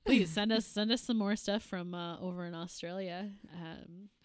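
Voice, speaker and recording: This podcast co-host speaks at a normal pace in a smooth, fairly low voice, trading casual stories full of laughter. Her delivery is lively, and the sound is dry and studio-clean.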